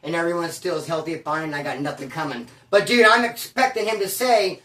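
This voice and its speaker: A man's voice: on the high side, fast, bright, forceful tone, roomy sound, recorded from a distance. A man telling stories about prison life in a casual, slangy, streetwise way, full of bro and dude. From California. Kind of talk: casual storytelling monologue.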